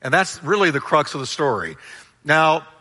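Bright-voiced pastor preaching in a hall. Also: male voice, a little high, sing-song, normal speed. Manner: emphatic, call-and-response with congregation. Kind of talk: sermon.

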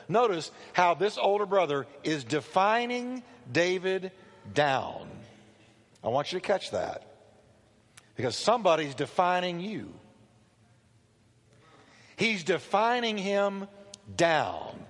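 Guy preaching, bit high voice, bouncy storytelling, big echoey church hall. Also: measured pace. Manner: animated storytelling, acting out quotes. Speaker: pastor. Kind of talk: sermon. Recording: long hall reverb.

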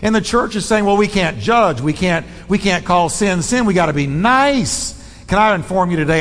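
High-voiced man preaching in an echoing hall. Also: expressive, moderate pace, a bit bright. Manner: bold, emphatic preaching with shifting pace. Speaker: pastor. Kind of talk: sermon. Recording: long reverb of a large hall.

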